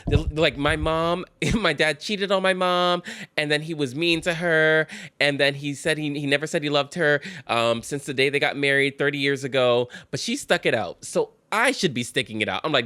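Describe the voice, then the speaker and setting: A man hosting a show reacting to relationship posts, talking casually with sass and high-pitched bursts of laughter. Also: normal speed, smooth, no echo. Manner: animated, sassy, bursts into high-pitched laughter and mocking voices. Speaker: host reacting to reddit posts. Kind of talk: casual commentary.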